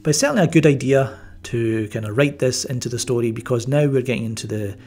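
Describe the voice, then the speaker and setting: A man's voice: mid-range voice, fast talker, darkish tone, slight background noise. A man giving a casual spoken movie review, rambling with many fillers and restarts and a wry, mildly sarcastic edge. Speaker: film reviewer.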